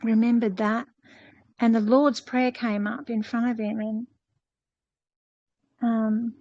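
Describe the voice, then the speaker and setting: A woman's voice: a little high, little pitch movement, slow pace, warm tone, no room sound, lo-fi sound. A woman casually retelling a faith story to a fellowship group, rambling with many fillers and restarts. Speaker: fellowship participant.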